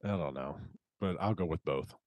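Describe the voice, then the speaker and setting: A man's voice: extremely low pitch, moderate pace, a little mellow, no echo. Guy in his 30s hosting a podcast, rambly and sweary, dry close sound. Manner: swears freely, rambling storyteller. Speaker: podcast host. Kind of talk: casual chat.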